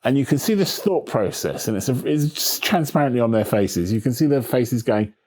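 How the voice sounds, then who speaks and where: A man's voice: medium pitch, fairly quick. A man, an author being interviewed, chatting casually and acting out quoted voices with plenty of humor. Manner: animated storyteller, acts out quoted voices, swears casually. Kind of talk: relaxed conversational interview.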